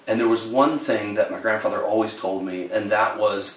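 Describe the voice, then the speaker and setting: A man with a fairly low voice tells funny childhood stories straight to his camera. His delivery is wry and deadpan. The sound is roomy, with him sitting some way off the mic. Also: normal speed, far from the mic. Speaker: storyteller. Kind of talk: comic storytelling to camera.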